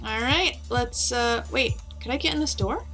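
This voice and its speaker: A woman's voice: fairly high pitch, normal speed, vocal fry, bright, forceful tone, faint music behind. A woman playing a video game, reading character lines aloud with playful commentary. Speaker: let's play host.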